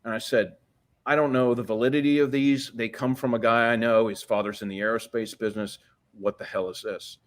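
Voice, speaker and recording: In a medium-pitched voice with fairly even intonation, a sixtyish podcast guest talks fairly quickly through a long tale. He rambles, swears, and keeps restarting as the storytelling interview goes on.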